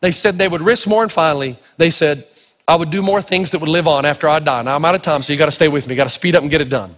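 High-voiced preacher guy from tennessee, folksy funny sermon stories, big echoey hall. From Tennessee, United States. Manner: animated, folksy, humorous. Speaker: pastor. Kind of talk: sermon with storytelling.

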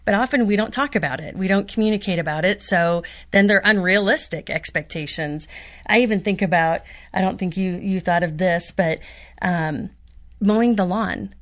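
A female co-host on a talk show, speaking candidly and quickly through a personal story. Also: mid-range voice. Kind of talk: radio talk show conversation.

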